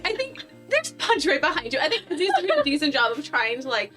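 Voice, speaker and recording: A woman playing a tabletop role-playing game, chatty and animated, full of "like". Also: high voice, a little fast, music in the background. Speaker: player. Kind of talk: tabletop role-play chat.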